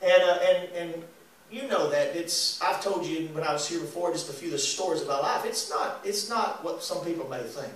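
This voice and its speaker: A man, preaching and singing as an evangelist, folksy and animated with laughing asides. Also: fairly high pitch, fairly quick. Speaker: evangelist and singer. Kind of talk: lively sermon with congregation call and response. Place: church sanctuary. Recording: echoey church recorded from a distance.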